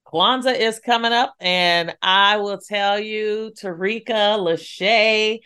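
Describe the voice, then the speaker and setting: A woman hosting a podcast, speaking slowly in a bright, smooth voice. She is encouraging and praises her guest. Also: medium pitch. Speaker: podcast host. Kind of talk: casual podcast interview.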